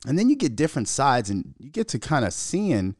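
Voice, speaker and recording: A young adult man from Minnesota hosting a casual solo podcast, telling a story in a profane, animated way and laughing as he goes. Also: mid-range voice, fairly quick, dry recording, clean studio sound. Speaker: podcast host.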